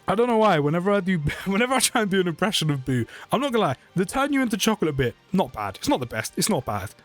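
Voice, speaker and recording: A young British man giving chatty, excitable gameplay commentary for his channel, often rambling and correcting himself. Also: high-pitched, fast, soft background music. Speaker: mobile game YouTuber.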